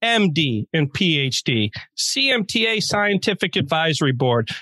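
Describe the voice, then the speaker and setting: A man's voice: a little high, sing-song, normal speed, bright, forceful tone, no room sound. A man co-hosting a podcast, telling jokey stories in a playful, casual way. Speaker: podcast co-host.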